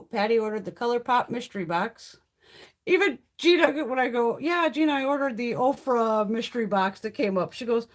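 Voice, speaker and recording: A woman's voice: a little high, expressive, a little fast. A woman in her fifties chatting casually through a live makeup haul, swearing freely and laughing often. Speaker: beauty vlogger. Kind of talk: casual live-stream chat.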